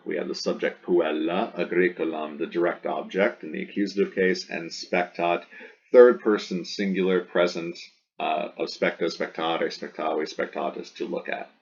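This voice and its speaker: Deep-voiced patient Latin teacher, lo-fi. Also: male voice. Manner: patient, explanatory, repeats key words, stresses words for emphasis. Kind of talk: recorded classroom lecture.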